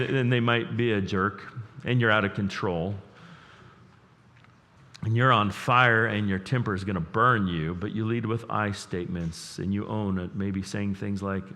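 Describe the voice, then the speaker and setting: A man preaching a sermon as pastor, earnest and emotional, dropping to a hush and then rising loud, repeating words as he builds up. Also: lowish voice, steady tone, a little slow. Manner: earnest, emotional, swings between hushed and loud. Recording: long reverb of a large hall.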